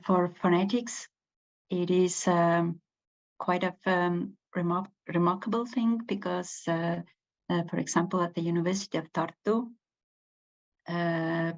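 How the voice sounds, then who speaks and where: A woman giving a university lecture, hesitant, with many pauses and fillers. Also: on the low side, little pitch movement. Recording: dull lo-fi recording.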